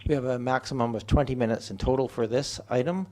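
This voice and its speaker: Measured man chairing a meeting. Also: mid-range voice, a little mellow. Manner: measured, procedural, hesitant. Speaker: mayor chairing a council meeting. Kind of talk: formal meeting procedure. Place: council chamber.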